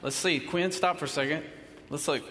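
A man's voice: a little high, normal speed, pushed and bright, slight background noise. A man giving a chatty sermon, telling a self-deprecating story before he turns to teaching. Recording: long reverb of a church hall.

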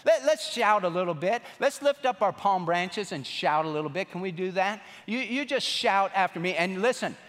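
A man preaching a sermon as pastor, telling the story in an animated way from a church sanctuary. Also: high-pitched, moderate pace, hardly any pauses. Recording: long reverb of a large room.

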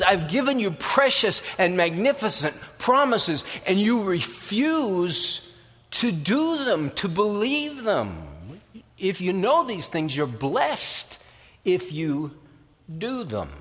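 A man preaching a sermon as pastor, lively and acting out the voices of doubters. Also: a little high. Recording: reverberant hall.

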